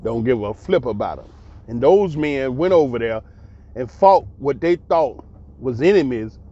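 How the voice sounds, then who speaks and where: A man's voice: on the high side, a little mellow, muffled recording. A man giving a casual spoken commentary, blunt and emphatic, repeating himself and swearing freely. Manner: emphatic, repetitive, blunt and profane. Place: abroad.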